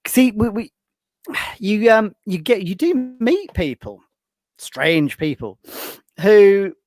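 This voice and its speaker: Lively, animated man telling stories. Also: high-pitched, takes it slowly. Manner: lively storyteller with frequent restarts. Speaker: podcast guest, author. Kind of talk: casual chat, anecdote telling.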